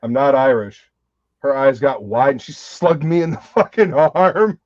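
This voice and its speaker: A man's voice: a little high, expressive, measured pace, a little mellow. A man hosting a casual live chat, telling rambling, profane stories and laughing often. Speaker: host. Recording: dull, dry lo-fi sound.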